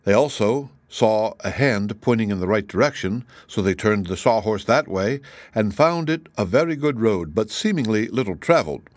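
A man narrating a children's book chapter in a steady, measured reading. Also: on the low side, no room sound. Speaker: audiobook narrator. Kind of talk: scripted narration.

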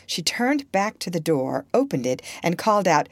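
Woman reading an old novel as an audiobook, low voice, lots of rise and fall. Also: no room sound. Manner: expressive, measured reading. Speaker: audiobook narrator. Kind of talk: scripted narration.

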